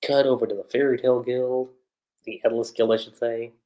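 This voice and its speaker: A man hosting a livestream, recapping an anime episode in a chatty, animated way, with lots of fillers. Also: mid-range voice, fairly quick, poor audio. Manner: animated retelling with frequent fillers. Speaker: anime reviewer.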